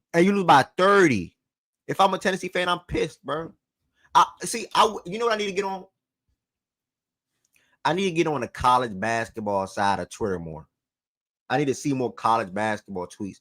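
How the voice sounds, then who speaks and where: A man's voice: mid-range voice, a little fast, long pauses, fairly bright tone, dry recording. A man hosting a sports talk show in a loose, slangy way, repeating phrases for emphasis and getting worked up.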